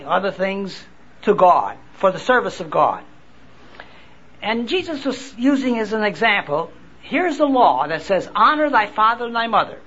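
A man preaching a sermon at a convention, reading scripture and explaining it slowly, often repeating and restarting words. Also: high-pitched, fairly bright tone, dull audio. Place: convention hall.

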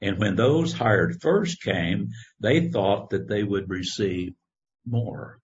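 A man preaching a sermon, reading scripture in a slow, measured way. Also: on the low side. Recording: dull lo-fi recording.

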